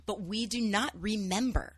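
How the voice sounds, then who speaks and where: A woman's voice: mid-range voice, normal speed, husky. A woman talking in an upbeat, heartfelt way as a guest in a casual interview.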